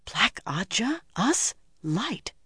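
A narrator voicing an earnest, uneasy young woman from a village who speaks softly, in a dry studio audiobook. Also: lowish voice, moderate pace, no echo, lightly acted. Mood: shocked. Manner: uneasy, soft-spoken.

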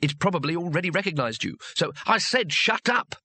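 Man voicing a hoarse, blustering bandit. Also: fairly high pitch, animated, fast, pushed and bright, no room sound, pitched above the performer's own voice, full character voice. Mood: panicked. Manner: blustering, snapping. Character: surly frightened male bandit, short-tempered. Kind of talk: audiobook character voice.

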